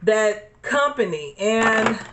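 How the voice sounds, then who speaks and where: A woman's voice: fairly high pitch, animated, slow, noisy background. A woman from Alabama, chatting casually to viewers while doing her makeup, repeating herself and calling them y'all. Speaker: beauty vlogger. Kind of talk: casual get-ready-with-me chat. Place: home desk corner.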